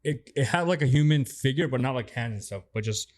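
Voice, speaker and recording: A man's voice: mid-range voice, a little fast. A man on a podcast, telling a story in a laid-back, plain way. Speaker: podcast co-host. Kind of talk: casual storytelling chat.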